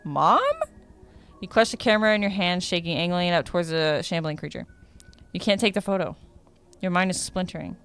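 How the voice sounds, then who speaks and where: Playing a dating sim, a woman streamer reads the game's text aloud in a casual tone, often stumbling and correcting herself as she reacts. Her voice sits on the low side but is fairly bright and smooth, a little fast, with faint music behind her.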